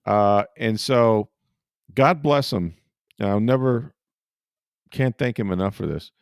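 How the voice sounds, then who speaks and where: A middle-aged podcast host and sportswriter tells a rambling, self-deprecating story in casual chat, laughing often. His voice is lowish and slow, captured with clean studio sound and no echo.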